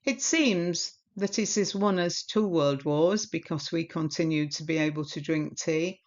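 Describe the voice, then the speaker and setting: A woman's voice: deep voice, unhurried, darkish tone. A woman presenting a history talk about tea to her channel viewers, chatty and enthusiastic in her storytelling. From Britain. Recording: dull lo-fi sound.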